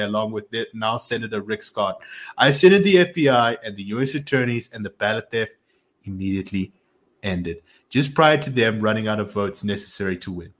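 A man's voice: medium pitch, fairly bright tone, natural voice. Guy putting on a bragging blowhard politician voice, reading a statement out, big sweeping claims, mocking nicknames. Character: boastful blustering male politician reading his own statement. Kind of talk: comic impression reading a statement aloud.

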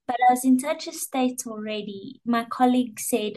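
A woman's voice: fairly high pitch, moderate pace, darkish tone, low-quality recording. Candid woman telling her story. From South Africa. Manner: emotional, candid, repeats words and fillers. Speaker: guest. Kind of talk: personal storytelling interview.

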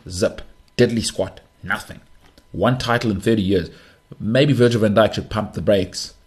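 A man's voice: medium pitch, darkish tone. A man with a South African accent hosting his own show, giving an emphatic, slangy football opinion monologue. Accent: South African English. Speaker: show host. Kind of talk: opinionated sports commentary monologue.

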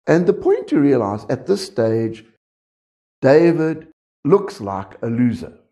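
A man's voice: mid-range voice, sing-song, takes it slowly, mellow. A man preaching a sermon, talking conversationally and often checking in with the congregation.

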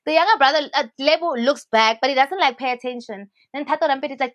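A South African woman co-hosting a podcast, telling stories in a chatty, animated way with lots of fillers. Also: sits high, quick pace, no room sound. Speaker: podcast co-host. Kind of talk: casual chat.

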